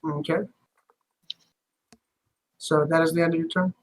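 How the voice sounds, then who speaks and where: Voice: mid-range voice, steady tone, a little slow, rough recording. A game master casually narrating a tabletop game, swearing freely and speaking loosely.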